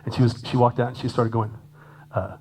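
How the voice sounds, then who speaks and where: A man giving a lively, chatty clinic talk to a conference audience as a jazz drummer, laughing often and acting out quoted voices. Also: medium pitch, very fast, a little hiss or hum, low-quality recording.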